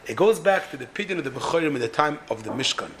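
A man's voice: on the high side, lively intonation, quick pace, a bit bright, slight background noise. A man teaching a text-study class, explaining the meter of a Hebrew poem with frequent restarts and repeated words. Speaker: Torah teacher.

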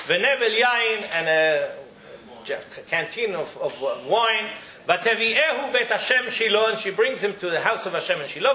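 A man teaching a religious study class, telling the story in an animated way and often restarting his sentences. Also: high-pitched, roomy sound, a little hiss or hum, rough recording.

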